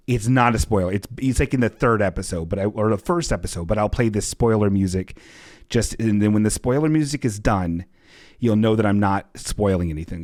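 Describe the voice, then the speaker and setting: With a somewhat low, slightly mellow voice, this podcast host rambles and jokes through a casual livestream chat, tossing in sarcastic remarks. The recording is dry and studio-clean, with a looping music bed running beneath him.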